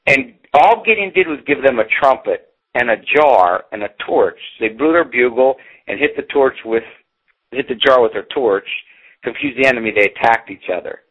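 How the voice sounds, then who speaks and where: A man's voice: mid-range voice, expressive, moderate pace, fairly bright tone. A middle-aged man giving a motivational pep talk in emphatic, punchy short phrases. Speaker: motivational speaker. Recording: phone-like radio broadcast.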